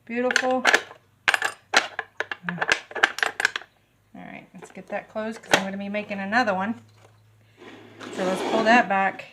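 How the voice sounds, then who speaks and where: A middle-aged woman, gushing with excitement as she demonstrates a recipe in her home kitchen. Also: medium pitch, moderate pace, pauses often, a little hiss or hum. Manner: bubbly, gushing, easily excited. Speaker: home cooking vlogger. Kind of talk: casual cooking demonstration.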